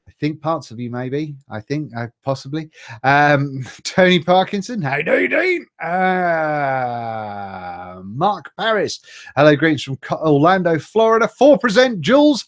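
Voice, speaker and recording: A man's voice: on the high side, lively intonation, normal speed. A middle-aged man hosts a casual live stream, reading out viewer greetings in a chatty, jokey way and stumbling over names.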